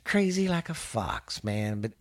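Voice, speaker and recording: A man's voice: on the low side, big pitch swings, measured pace. A man from Texas hosting a casual podcast, rambling, swearing and restarting sentences. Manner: rambling, profane, restarts often. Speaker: podcast host.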